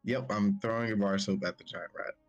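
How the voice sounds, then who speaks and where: A man's voice: on the low side, fairly even intonation, fast talker, no echo, lo-fi sound, faint music behind. A man playing a tabletop game, chatting casually and eagerly, laughing often. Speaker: player.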